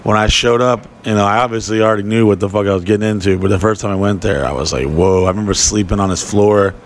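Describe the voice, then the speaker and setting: A man's voice: fairly low pitch, quick pace, a little hiss or hum. Profane rambling storyteller man. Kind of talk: casual podcast chat.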